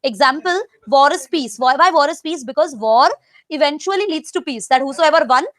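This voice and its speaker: High-voiced Indian woman teaching grammar. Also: expressive, a bit bright, no echo. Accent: Indian English. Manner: explains with quick everyday examples, repeats key terms. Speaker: English teacher. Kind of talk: online grammar lesson.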